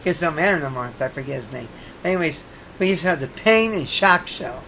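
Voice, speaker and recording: A woman's voice: low voice, animated, brisk, fairly bright tone, slight background noise. Brash rambling woman comedian. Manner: rambling, self-interrupting, brash jokes. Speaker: host and comedian. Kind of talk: rambling comedy talk show monologue.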